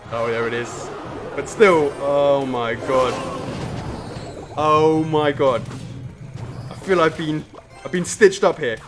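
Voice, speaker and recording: A man hosting a live stream, commentating his own game with excitable groans and playful trash talk aimed at his opponent. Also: on the high side, takes it slowly, pauses often. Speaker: streamer and show host. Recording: game music playing under the voice. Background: game music.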